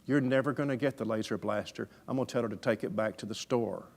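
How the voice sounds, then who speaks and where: A man voicing a stern father who speaks in a low, hushed, steady voice. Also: fast talker, vocal fry.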